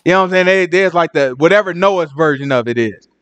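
A man teaching Bible study in casual, animated commentary, full of slang and "you know what I'm saying". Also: fairly high pitch, quick pace, clear, resonant tone. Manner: animated and joking.

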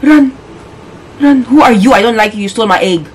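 A woman's voice: a little high, a little fast, darkish tone, slight background noise, low-quality recording. A young woman playing a horror game, talking casually through it and shrieking when startled. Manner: jumpy, shrieks and exclaims when scared. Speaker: gaming YouTuber. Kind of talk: horror game let's play commentary.

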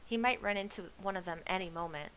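A woman reading a novel aloud with steady, expressive storytelling. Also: mid-range voice, quick pace, slight background noise, low-quality recording. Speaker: reader.

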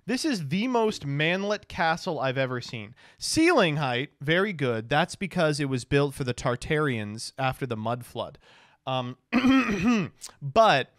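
A man's voice: on the high side, very animated, unhurried, a bit bright, dry recording, studio quality. A man in his twenties, a law student, telling a rambling, joking, profane travel story. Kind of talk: casual storytelling recap.

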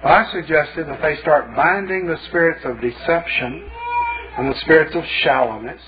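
A man's voice: on the high side, moderate pace, soft background music. Folksy preacher man on tinny tape. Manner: folksy storytelling, emphatic and wry. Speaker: pastor. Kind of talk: sermon. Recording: tinny phone-like old tape.

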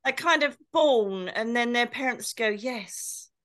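A woman's voice: on the high side, animated, normal speed, a bit bright. A woman co-hosting a casual chat, telling stories animatedly and slipping into comic impressions. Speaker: co-host.

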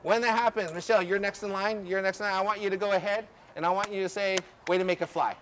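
A man coaching a group through drills outdoors, energetic and instructive, often checking in with "okay?". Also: high voice, fast, a little hiss or hum. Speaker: ultimate coach. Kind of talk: outdoor coaching clinic demonstration. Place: outdoor field.

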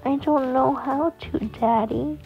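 A woman's voice: high-pitched, slow pace, lo-fi sound, soft background music, voice pushed up. A woman voicing a playful, stubborn little girl who whines and pleads in a storybook. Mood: sweet.

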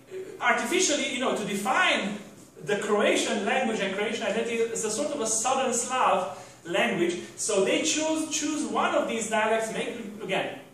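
A man's voice: very high-pitched, fairly bright tone, slight background noise. A man giving a university lecture, rambling with restarts and rhetorical questions to the class. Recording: echoey room from a distant mic.

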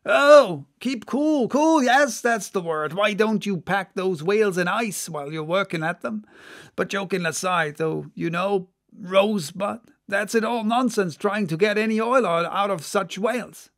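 A loud, teasing sailor of the old whaling days, as an audiobook reader puts him on, hailing other ships at the top of his lungs and mocking anyone in reach. The voice sits high and carries a gravelly edge. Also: moderate pace. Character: boisterous joking male whaling mate. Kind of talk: audiobook character voice.

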